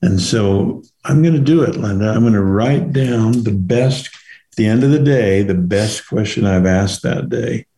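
An older man co-hosting a casual devotional chat, speaking in a reflective, measured, encouraging way. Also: on the low side, warm tone. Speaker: co-host.

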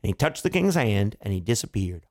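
Male family storyteller, playful asides, gravelly, very lively pitch, slightly high. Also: brisk. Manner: playful, chuckling asides to kids.

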